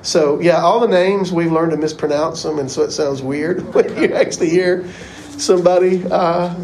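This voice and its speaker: A man's voice: on the high side, fairly even intonation, normal speed, darkish tone, slight background noise, poor audio. A man teaching a casual Bible class, chatty and rambling. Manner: chatty, rambling, uses "y'all".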